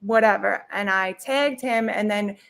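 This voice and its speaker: A woman's voice: medium pitch, a little slow, creaky, fairly bright tone. A woman guest telling her story in a casual, emotional way, fumbling over her words.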